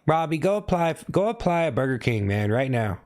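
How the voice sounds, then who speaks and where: A man's voice: fairly high pitch, sing-song, brisk, darkish tone. A young man hosting a casual livestream, teasing viewers by name and repeating his jokes. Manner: teasing, repeats himself, calls out chat names. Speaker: livestream host.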